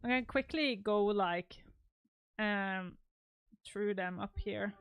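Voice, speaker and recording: A woman's voice: mid-range voice, takes it slowly, a bit bright, clean tone, dry recording. A young woman chatting casually on a live stream, gushing and rambling as she shows her wedding photos, laughing often.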